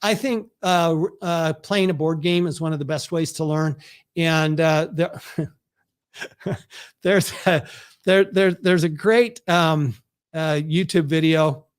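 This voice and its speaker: High-voiced man hosting a launch. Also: takes it slowly, clean tone. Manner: earnest, responds to viewer comments. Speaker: author hosting his book launch. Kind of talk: live online launch talk. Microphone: video call setup.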